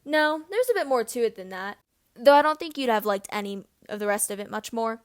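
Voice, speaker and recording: A woman's voice: a little high, lively intonation, fairly quick, clean tone, natural voice. A woman voicing a spiteful, sneering teenage boy wizard in an amateur audiobook reading. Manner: sneering, mocking.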